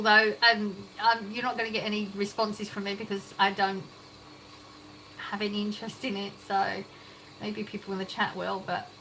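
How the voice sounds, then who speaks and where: A woman's voice: mid-range voice, bright, forceful tone, slight background noise, rough recording. A woman with an English accent hosting a casual livestream from her kitchen, reading chat comments aloud and laughing often. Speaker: livestream host. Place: home kitchen.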